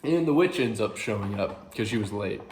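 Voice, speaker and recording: A man's voice: lowish voice, expressive, normal speed, darkish tone, reverberant, slight background noise. A man casually explaining a classic play in a rambling, chuckling way, often correcting himself. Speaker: video host explaining a play.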